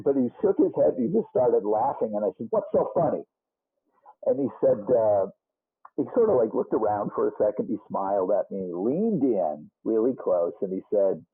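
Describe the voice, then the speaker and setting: A man's voice: mid-range voice, expressive, moderate pace, husky. A man in his sixties with a Boston accent, a musician guest telling rambling stories with lots of restarts and asides in a casual interview. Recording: muffled phone-like band.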